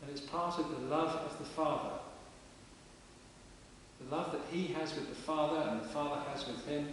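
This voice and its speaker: A man's voice: fairly high pitch, fairly even intonation, moderate pace. A man preaching a sermon in a parish church, in a chatty, plain-spoken way. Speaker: vicar. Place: large stone parish church. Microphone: distant camera mic. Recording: echoey church from far off with hiss.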